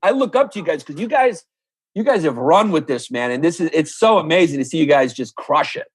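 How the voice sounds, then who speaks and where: Husky high-voiced man joking profanely. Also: animated, a little fast, dry recording. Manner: profane, mock-ranting jokes. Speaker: podcast guest, comedian. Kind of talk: casual podcast chat.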